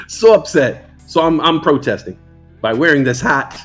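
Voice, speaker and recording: Animated, joking livestream host. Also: male voice, on the high side, moderate pace, soft background music. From New York. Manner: playful, jokey, reads chat aloud. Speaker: livestream stock trading host. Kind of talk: casual livestream chat.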